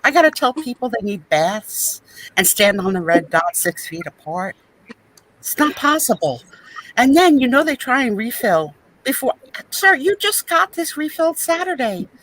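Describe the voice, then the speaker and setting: A woman's voice: on the high side, very animated, normal speed, fairly bright tone, pitched above the performer's own voice, rough recording. A woman playing a weary young female pharmacy worker who sighs and complains over a video call. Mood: exasperated. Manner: sighing, complaining, exasperated.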